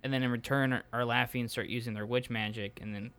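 A young man improvising as an aggrieved male Latvian spokesman, rambling with halting fillers. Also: medium pitch, steady tone, a bit bright, clean tone, lightly acted. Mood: complaining. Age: young adult. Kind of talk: improvised comedy role-play.

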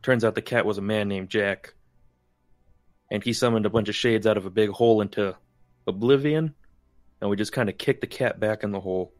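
A man playing in a tabletop game, explaining things in a rushed, rambling way. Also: fairly low pitch, faint music behind. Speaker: player. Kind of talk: in-character tabletop chat.

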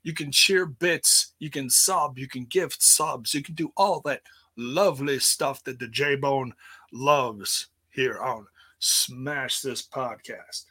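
A man in his forties hosts a livestreamed podcast with a bright, forceful tone. He talks slowly and playfully and often restarts his sentences in loose, casual chat. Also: medium pitch, slightly rough. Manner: playful, rambling, with many restarts. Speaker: podcast host. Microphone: streaming setup.

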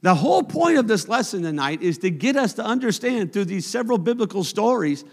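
Animated preacher in an echoing hall. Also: male voice, high-pitched, fairly quick, few pauses. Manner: conversational and humorous, rising to emphatic. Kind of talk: sermon. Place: church sanctuary. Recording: long church hall reverb.

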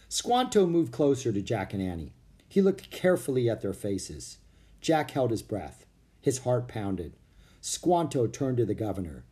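Male children's audiobook narrator, animated pitch, character voices. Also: a little slow. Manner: expressive, voices each character.

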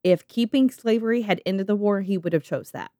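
A woman's voice: medium pitch, a little fast, mellow, no room sound, studio quality. A woman podcast host reading out a history story, breaking in with laughing, profane asides.

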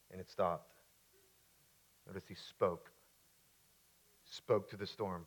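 A male pastor preaching a sermon. He is emphatic, repeats key lines, and drops into quieter, casual asides while telling a story. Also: deep voice, steady tone, moderate pace, long pauses, slightly rough.

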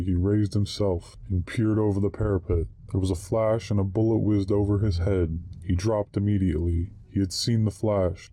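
Deep, dark-toned male storyteller. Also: no echo. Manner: slow, measured storytelling. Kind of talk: scripted narration of a short story.

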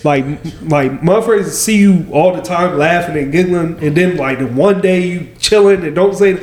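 A man's voice: on the high side, normal speed, darkish tone, reverberant. A man co-hosting a podcast in casual chat, laughing a lot and retelling stories with quoted dialogue. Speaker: podcast co-host.

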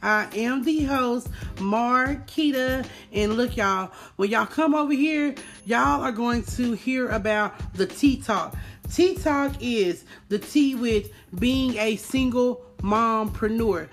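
A woman with a fairly high voice opens her podcast with a recorded intro, calling listeners to come in and join her. She takes her time over every word, and faint music plays under her. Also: takes it slowly. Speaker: podcast host.

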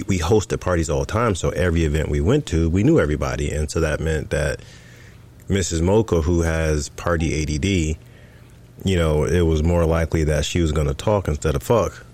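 A man co-hosting a podcast, telling a story in casual chat and acting out what was said. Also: a bass voice. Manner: animated storyteller, acts out quoted dialogue. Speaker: podcast co-host.

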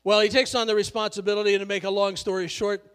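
A man's voice: high-pitched, level tone, fast, fairly bright tone, smooth, in a large hall. A male pastor preaching a sermon in a conversational, joking way, laughing often.

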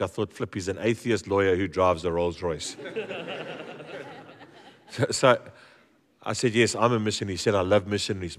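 A low-pitched man delivers a sermon in a church, telling stories with humor and an animated, stop-start flow full of repeated words. His voice rings out with the long reverb of a large hall. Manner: lively, joking storyteller with many repeated words. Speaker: guest preacher. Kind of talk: storytelling sermon.

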